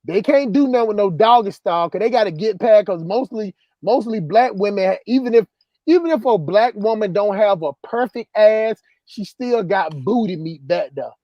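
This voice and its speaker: A man's voice: sits high, lively intonation, moderate pace, no echo, muffled recording. A man hosting a casual livestream, reading chat comments and telling stories in a loose, repetitive, laughing way. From southern US countryside. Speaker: livestream host.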